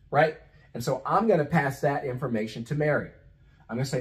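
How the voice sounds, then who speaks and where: A man's voice: medium pitch, brisk, poor audio. A man teaching as a business coach in a conversational way, throwing rhetorical questions at the listener and acting out sales calls. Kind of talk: instructional talk.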